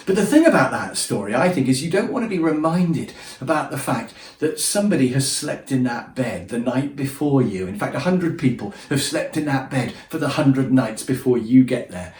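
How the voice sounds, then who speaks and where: A man's voice: medium pitch, expressive, normal speed, darkish tone. A man telling his travel stories in a chatty, self-deprecating way, acting out the funny moments. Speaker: storyteller. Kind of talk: casual anecdote telling. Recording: echoey room, voice from a distance.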